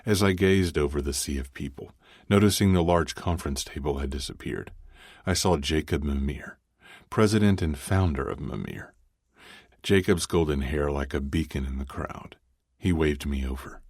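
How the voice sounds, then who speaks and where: Man reading a romance audiobook, super low voice, husky, dead dry sound. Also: normal speed, darkish tone, no echo. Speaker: audiobook narrator. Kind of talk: first-person audiobook narration.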